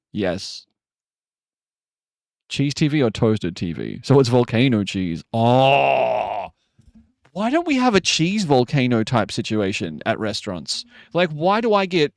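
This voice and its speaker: A man's voice: medium pitch, no room sound, studio quality. A man chatting casually on a live stream, rambling and joking, with frequent swearing. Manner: rambling, jokey, swears often.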